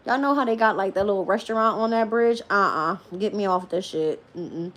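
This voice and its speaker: A woman chatting casually on a live stream as a tarot reader, laughing often and swearing freely as she tells animated stories. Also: mid-range voice, fairly quick, hardly any pauses.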